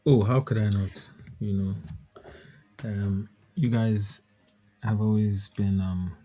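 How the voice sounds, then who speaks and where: A man's voice: on the low side, fairly even intonation, slow, mellow. A man chatting as a guest musician on a podcast, laid-back and candid, laughing easily. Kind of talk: casual podcast chat.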